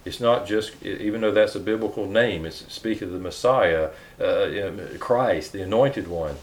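Male preacher, lowish voice, earnest sermon delivery with restarts. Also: moderate pace. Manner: earnest, reads scripture aloud with hesitant restarts.

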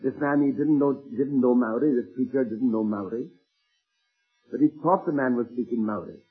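A man preaching a sermon, earnestly retelling anecdotes and slowing down to stress key words. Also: mid-range voice, slightly rough, soft background music. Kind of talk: sermon storytelling. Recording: tinny phone-like old sermon tape.

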